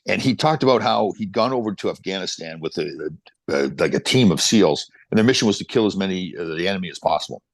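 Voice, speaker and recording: A man in his sixties, a podcast guest and motivational speaker, telling stories in an energetic, motivational way. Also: sits low, fast talker, no room sound. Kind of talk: casual chat, storytelling.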